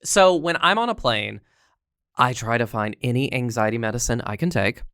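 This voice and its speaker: A comedian co-hosting a podcast in a studio, chatting casually with quick, joking asides. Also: medium pitch, animated, fairly bright tone, clean tone, dry recording. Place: recording studio.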